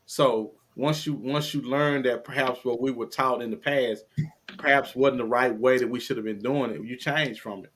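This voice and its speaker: A man in his forties, a podcast guest, speaking in a measured, reflective way about parenting. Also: mid-range voice, steady tone, fairly bright tone. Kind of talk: casual chat.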